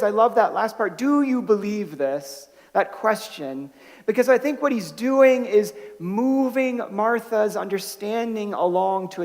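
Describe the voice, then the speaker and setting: High-voiced pastor preaching in a reverberant church. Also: male voice. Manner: conversational storytelling with frequent restarts; rising to emphatic bursts on key points. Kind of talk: sermon. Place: church sanctuary. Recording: long hall reverb.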